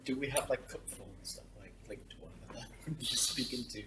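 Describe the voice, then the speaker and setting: A man playing a tabletop game, asking halting questions. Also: mid-range voice. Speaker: player. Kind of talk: casual chat. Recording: echoey room, far off, clear noise.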